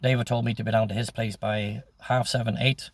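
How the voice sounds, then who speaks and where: A man's voice: mid-range voice, little pitch movement, brisk. A man in his sixties telling his life story in a casual, rambling way, swearing freely with many ums. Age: 60s.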